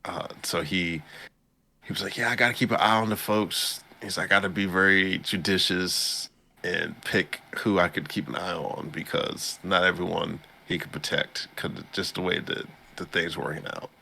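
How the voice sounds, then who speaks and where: Gravelly low-voiced man recapping animatedly. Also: normal speed. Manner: animated storytelling, acts out characters' lines in a higher voice. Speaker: podcast co-host recapping an anime. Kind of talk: casual chat.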